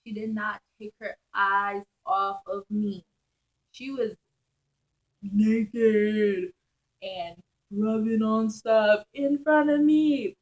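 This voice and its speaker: Slow-talking woman telling a wild story. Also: on the high side, rough recording. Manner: animated, slangy, laughs often. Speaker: storytime vlogger. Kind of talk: casual storytelling.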